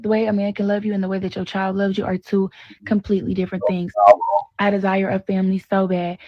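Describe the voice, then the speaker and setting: A woman's voice: medium pitch, no echo, muffled recording. A single mother talking earnestly about wanting love, in a confessional vlog.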